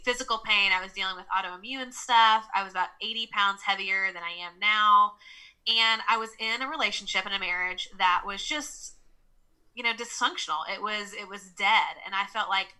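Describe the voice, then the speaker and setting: A woman's voice: mid-range voice, pushed and bright, rough recording. A woman from Nashville with a Southern accent, a life coach telling her story openly and earnestly as a podcast guest. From Nashville, Tennessee. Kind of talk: casual interview conversation.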